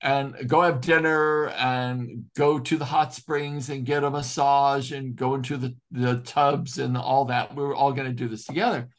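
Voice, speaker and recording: A man's voice: medium pitch, flat delivery. Earnest man musing in a study group. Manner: earnest and heartfelt, slow and reflective. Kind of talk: casual spiritual group discussion.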